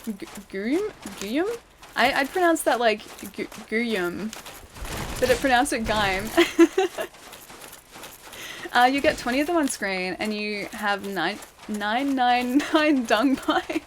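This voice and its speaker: A game streamer with an Australian accent gives chatty live commentary as she plays, laughing often and thanking her viewers. Her voice is on the high side and a little slow, with steady background noise behind it.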